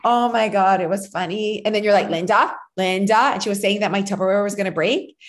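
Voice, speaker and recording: Animated woman telling stories. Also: medium pitch, quick pace. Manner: animated storyteller, acts out quotes, laughs often. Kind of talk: casual chat.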